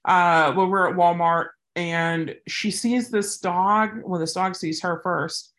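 A woman's voice: on the low side, fairly even intonation, slow pace, a bit bright. A woman who handles service dogs, answering a viewer's question in a casual, rambling way with plenty of tangents. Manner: rambling, goes off on tangents, chatty. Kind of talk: casual advice vlog.

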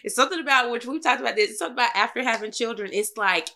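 A young woman co-hosting a casual chat, telling a lively story and acting out both sides of an argument with her husband. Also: racing. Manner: animated storytelling, quoting her husband, rising to high exclaims. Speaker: podcast co-host.

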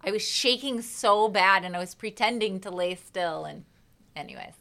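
Bright-voiced woman telling a lively story. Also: medium pitch, moderate pace, vocal fry. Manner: animated storyteller, acts out her own reactions. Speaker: singer guest. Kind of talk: casual interview chat.

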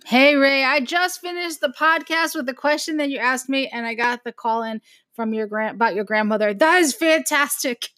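A woman with a high, bright voice tells a family story in a chatty way, laughing as she goes. Her voice is crisp and sits close on a dry recording. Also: normal speed, no echo. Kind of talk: casual chat.

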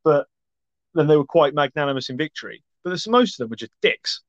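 A man rattles along at a quick clip in a casual sports chat, blunt and sweary in his banter. His voice sits in a middle register. The sound is dry and a little dull, like a lo-fi recording. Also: fairly high pitch, animated, no echo. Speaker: podcast co-host.

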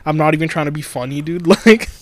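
A man's voice: fairly high pitch, quick pace, dry recording. A young man co-hosting a podcast, telling stories in casual chat and laughing often. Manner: laughing, animated storytelling. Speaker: podcast co-host.

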